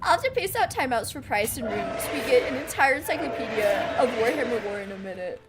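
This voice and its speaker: A woman streamer giving casual, animated gaming commentary, exclaiming and laughing often. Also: fairly high pitch, brisk, noisy background.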